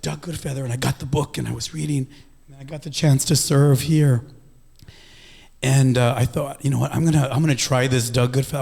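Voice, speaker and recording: A man hosts a gathering and tells a personal story to introduce the next speaker. His voice sits a little high, and he acts out his own thoughts in sudden leaps up in pitch. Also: creaky, warm tone. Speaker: event host introducing a speaker.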